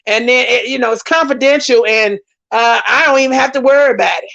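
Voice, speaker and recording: A woman's voice: a little high, a little fast, gravelly, a bit bright, lo-fi sound. A woman host chatting casually on a livestream, reading viewer comments and speaking with emphatic repetition. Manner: talkative, emphatic, repeats herself for emphasis.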